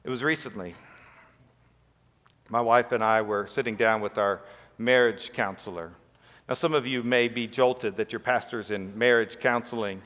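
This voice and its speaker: A man's voice: medium pitch, fairly even intonation, normal speed. Man preaching in a reverberant hall. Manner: emotional, drops to a hushed near-whisper at tender moments. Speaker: pastor. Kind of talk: sermon. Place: church sanctuary.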